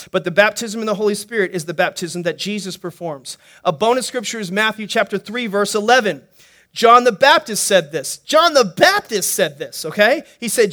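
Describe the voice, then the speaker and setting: A male pastor preaching a sermon in an animated, playful way, joking and asking the congregation questions. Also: very high voice. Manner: animated, playful preaching with jokes and acted-out quotes.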